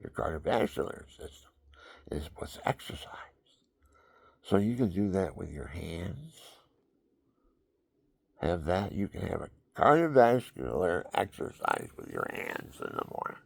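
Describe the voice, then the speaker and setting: A man's voice: low voice, huge pitch swings, a little slow, vocal fry, breathy edge, no room sound. An older man at home on his couch, giving rambling folksy health tips and counting aloud. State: out of breath. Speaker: vlogger. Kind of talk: casual health talk to camera.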